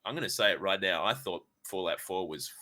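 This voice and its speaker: Bright-voiced man, rambling gamer chat. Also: sits low, brisk. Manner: rambling, swears freely, many fillers. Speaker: podcast co-host. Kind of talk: casual gaming chat.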